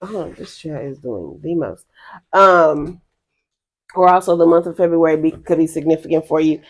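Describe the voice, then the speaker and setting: A woman's voice: sits low, normal speed. A woman giving a casual spiritual reading to her viewers, rambling and chatty, laughing often and calling them y'all. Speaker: spiritual reader.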